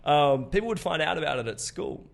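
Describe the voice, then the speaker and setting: A man's voice: fairly high pitch, animated, fairly quick, gravelly. Young Australian man guesting on a podcast, loose and profane storyteller. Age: 20s. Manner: swears freely, laughs often, loose storytelling. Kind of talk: casual conversation.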